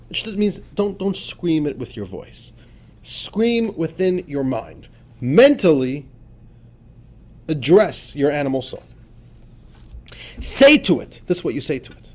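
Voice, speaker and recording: A male rabbi leads a class on a sacred text with a higher-pitched voice. He talks emphatically, dropping to hushed asides and then surging into fervent, urgent stretches. His delivery swoops widely up and down. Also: sing-song, normal speed, long pauses. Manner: emphatic, swings between quiet asides and fervent outbursts. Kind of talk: animated religious lesson.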